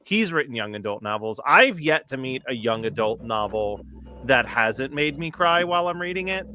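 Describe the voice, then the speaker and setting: A man's voice: medium pitch, expressive, moderate pace, bright, forceful tone. A man producing a podcast, telling stories in casual panel chat, chatty and laughing with self-deprecating humour.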